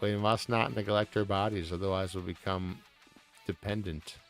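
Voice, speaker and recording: A man's voice: deep voice, steady tone, moderate pace, a bit bright. A man streaming live, chatting casually in a rambling, profane, joking way over faint music.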